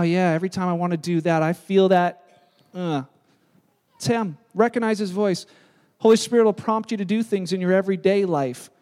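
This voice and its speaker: High-voiced male preacher in a hall. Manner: lively, acts out quoted voices. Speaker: pastor. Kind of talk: sermon. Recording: echoey hall sound.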